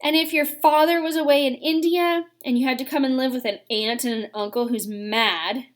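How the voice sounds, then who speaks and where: A woman's voice: high voice, fairly even intonation, moderate pace, lightly acted. A woman reading aloud and voicing a miserable, wound-up young schoolboy who is insistent and upset.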